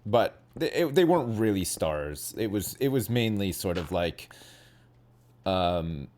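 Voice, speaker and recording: A man with a British accent talks over a game in relaxed stream chat. His voice sits fairly low but swings up and down a lot as he rambles, stopping to correct himself mid-sentence. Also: a little slow. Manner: rambling, lively, self-correcting. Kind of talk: casual gaming chat.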